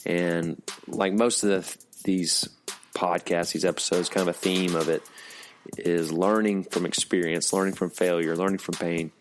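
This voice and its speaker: A man's voice: deep voice, flat delivery, moderate pace, faint music behind. A man with a Southern American accent, hosting a podcast in a casual, easygoing way with lots of fillers, heard over a video call. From Alabama. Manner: easygoing, filler-heavy, conversational. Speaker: podcast host.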